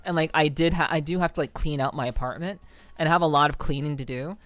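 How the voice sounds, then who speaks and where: A woman's voice: deep voice, fast talker, no room sound. A young woman live streamer in casual chat with her viewers, rambling with frequent restarts.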